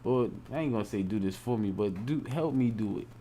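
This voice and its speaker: A man's voice: fairly low pitch, animated, fairly quick, warm tone, slight background noise. A young man talking casually on a late-night live stream, rambling and repeating himself in loose, informal speech.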